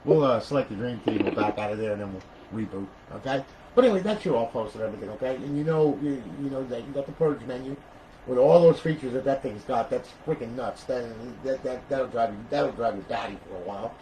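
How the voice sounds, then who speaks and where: A man giving a casual gameplay tutorial, rambling and swearing, who breaks into loud trash talk at other players. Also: medium pitch, fast, a little hiss or hum. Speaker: console modder demoing a modded console.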